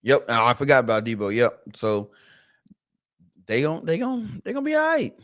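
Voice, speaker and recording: Male co-host, casual sports chat, medium pitch, animated retelling with stammered restarts. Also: normal speed. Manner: animated storyteller, acts out quoted voices, repeats words. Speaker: podcast co-host.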